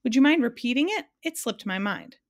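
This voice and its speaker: A woman's voice: a little high, expressive, fairly quick, voice pushed up. A woman reading aloud and voicing a muddled, fussy middle-aged man in a storybook.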